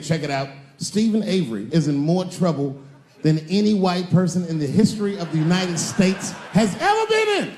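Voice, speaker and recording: Fortyish guy doing standup, high-ish voice, big roomy stage echo, yells the punchlines. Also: a little hiss or hum. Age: 40s. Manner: animated, swings into shouted punchlines and acted-out voices. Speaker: stand-up comedian. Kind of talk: stand-up comedy. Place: comedy stage before a live audience.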